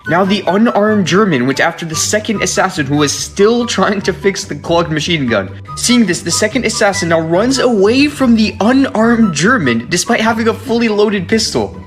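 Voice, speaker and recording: A man's voice: a little high, fairly bright tone. A man reading out a short story in a matter-of-fact way as scripted narration.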